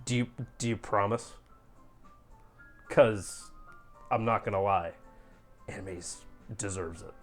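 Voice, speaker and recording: A man's voice: on the low side, takes it slowly, long pauses, soft background music. A man hosting a game stream, chatting casually in a sarcastic, playful way. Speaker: streamer host. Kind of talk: casual chat.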